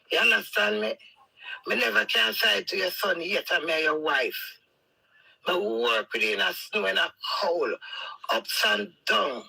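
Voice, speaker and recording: A woman's voice: on the low side, gravelly, bright, forceful tone, breathy edge, low-quality recording. A woman with a Jamaican accent, talking straight at her husband in a heated, scolding rant that circles back on itself. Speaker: wife addressing her husband.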